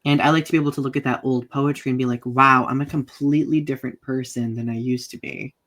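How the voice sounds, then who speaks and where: A man's voice: medium pitch, fairly even intonation, fast talker, a bit bright. A man co-hosting a casual podcast chat, enthusiastic and full of questions. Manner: enthusiastic, asks many questions. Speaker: podcast co-host. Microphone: home setup on a live video podcast.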